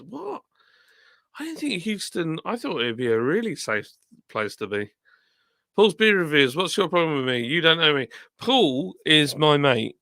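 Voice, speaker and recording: Man, live streamer, tired, rambling and self-deprecating, gravelly tone, dry recording. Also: medium pitch, a bit bright, no room sound. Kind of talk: casual chat reading out live comments.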